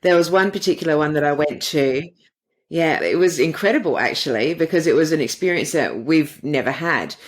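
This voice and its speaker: A woman's voice: low voice, expressive, a little fast. A middle-aged woman, a podcast guest and dating coach, answering interview questions with earnest, flowing storytelling.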